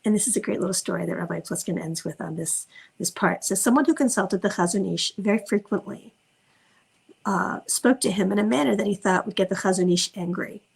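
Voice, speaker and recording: A woman parenting coach giving an informal teaching talk, gentle and reflective, slowing down to stress key words. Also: mid-range voice, gravelly, breathy edge, poor audio. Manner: gentle, reflective, slows down for emphasis.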